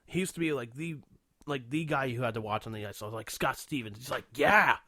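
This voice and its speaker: In a fast, medium-pitched voice, a male radio podcast co-host spins a casual story full of laughter, frequent swearing, and loud put-on impressions. There is no echo on the recording.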